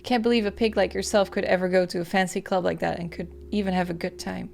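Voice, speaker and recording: Sneering hard-nosed detective, low and quiet with contempt, as a woman puts it on; game read-aloud. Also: steady tone, fast talker, creaky, slight background noise. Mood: scornful. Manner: low, cold, insulting.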